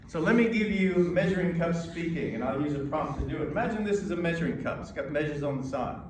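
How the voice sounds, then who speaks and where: An American man coaching an audience on presenting, emphatic and measured, pausing between points. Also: on the high side, lively intonation, far from the mic, noisy background. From United States. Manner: emphatic, with pauses and demonstrations. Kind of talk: lecture to a live audience. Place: lecture hall. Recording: echoey hall recorded from afar.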